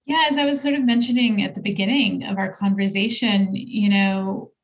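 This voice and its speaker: A woman's voice: medium pitch, steady tone, moderate pace. A woman guest and leadership coach in a conversational interview, talking thoughtfully with frequent fillers and restarts. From United States.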